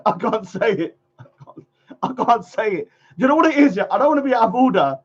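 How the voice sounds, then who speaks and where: A man's voice: very high-pitched, sing-song, brisk, slightly rough. A man hosting a casual livestream chat, rambling, laughing often and trailing off mid-sentence. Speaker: livestream host. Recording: dull lo-fi stream audio.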